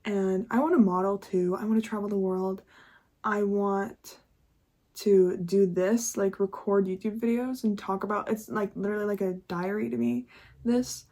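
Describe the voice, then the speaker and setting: A woman's voice: mid-range voice, fairly even intonation, moderate pace, warm tone. A young woman talking candidly in a casual confessional vlog, chatty and full of swearing and laughter. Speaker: YouTuber.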